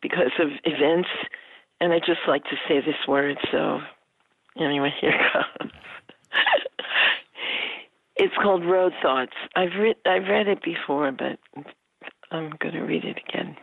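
A woman speaks over a tinny, dry phone line in a mid-pitched, wry tone. She chats bluntly with the host and then reads a profane poem of her own. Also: a little slow, vocal fry, pauses often, husky, no echo. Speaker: caller reading a poem. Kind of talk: phone-in chat and poetry reading.

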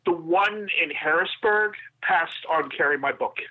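A man's voice: fairly high pitch, unhurried. Caller, man, author from Pennsylvania, hesitant, dull phone sound. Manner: hesitant, filler-heavy. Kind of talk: casual phone chat. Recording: muffled phone line.

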